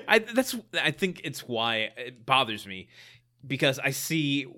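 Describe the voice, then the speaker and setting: A man co-hosts a podcast and recaps a sitcom episode in loose, casual chat. His voice is bright and swings widely in pitch. He laughs easily and sometimes turns a little pedantic. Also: takes it slowly. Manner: animated, laughs often, a bit pedantic. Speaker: podcast co-host.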